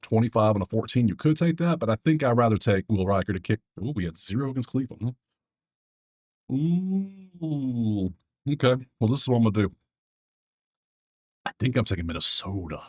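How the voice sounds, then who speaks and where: A man's voice: lowish voice, slightly rough. A man hosting his own sports betting video, talking loosely to himself as he clicks through stats. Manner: loose, chatty, talks to himself, quick asides. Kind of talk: casual solo commentary over a screen.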